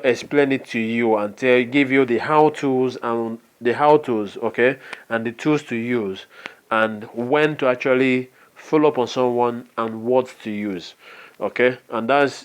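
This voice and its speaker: A man's voice: medium pitch, unhurried, a little hiss or hum. A man with a Nigerian accent giving a motivational business training talk, earnest and often checking in with "okay?". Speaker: network marketing trainer.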